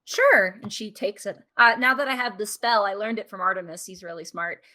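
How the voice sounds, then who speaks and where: A woman narrating as game master of a tabletop game, casual and quick to laugh. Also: medium pitch, pushed and bright. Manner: casual, laughing, restarts often.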